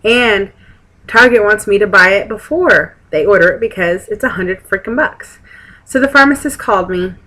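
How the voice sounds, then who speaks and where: A woman's voice: medium pitch, moderate pace, pushed and bright, rough recording. A young woman, chatting frankly to camera at a friend's house, rambling with sarcastic asides. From Texas. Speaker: vlogger. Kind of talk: casual chat to camera.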